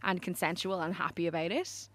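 A woman's voice: fairly low pitch, fairly even intonation, brisk, fairly bright tone. An Irish woman hosting a radio show, chatting about pop culture in a chatty way, laughing easily. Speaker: radio host. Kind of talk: casual pop-culture chat. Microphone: studio microphone.

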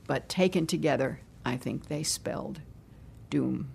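Gravelly low-voiced woman historian. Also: measured pace, a little mellow, slight background noise. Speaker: political historian and professor. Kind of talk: interview commentary.

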